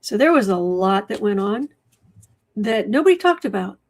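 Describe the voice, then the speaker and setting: A woman hosting a casual livestream at her desk, reading viewer comments aloud and often dropping into soft asides. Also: mid-range voice, very animated. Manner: slow, drops to soft asides and whispers. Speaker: livestream host reading chat. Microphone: desk microphone.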